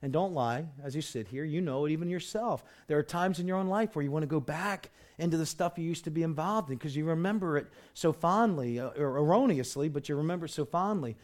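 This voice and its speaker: A man's voice: a little high, expressive, fairly quick, few pauses, darkish tone. A man preaching a sermon in a conversational way, full of rhetorical questions, restarts and "you know". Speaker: pastor.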